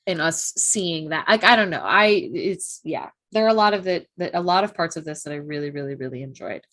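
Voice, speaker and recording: A woman's voice: low voice, a little fast, fairly bright tone. A young adult woman co-hosting a reaction show, talking passionately, swearing freely and laughing often. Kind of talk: casual discussion.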